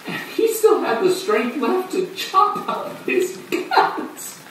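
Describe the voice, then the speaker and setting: Actor playing a rueful, halting stage storyteller. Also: male voice, medium pitch, big pitch swings, a little hiss or hum. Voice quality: halting, dark bitter laughs. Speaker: actor in a monologue. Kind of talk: stage monologue on film. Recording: distant echoey room with rain.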